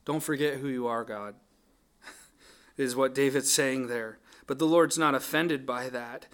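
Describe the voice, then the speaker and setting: A man's voice: mid-range voice, a little slow, a bit bright. Earnest man preaching a sermon. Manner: earnest, thoughtful, with frequent restarts. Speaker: pastor. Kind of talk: sermon on a psalm.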